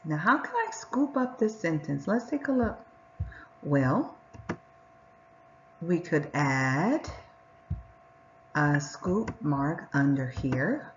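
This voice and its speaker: A woman teacher talks young children through a reading lesson, slow and unhurried, her pitch lower than most and swinging lively up and down. She sounds out words and stretches each sentence carefully. The recording is a little dull, with a faint hum underneath.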